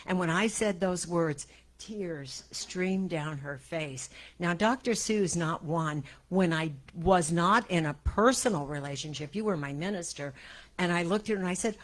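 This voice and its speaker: A woman minister shares personal stories from the pulpit with her congregation. Her voice sits a little low, and she tells her stories with animated, emotional energy, often breaking into laughter. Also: measured pace. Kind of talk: personal storytelling in a church service. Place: church sanctuary before a congregation.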